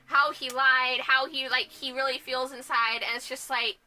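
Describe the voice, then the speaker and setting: Bright, high-voiced young woman vlogger. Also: little pitch movement, moderate pace. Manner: rambling, lots of "like" and restarts. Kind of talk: casual vlog commentary.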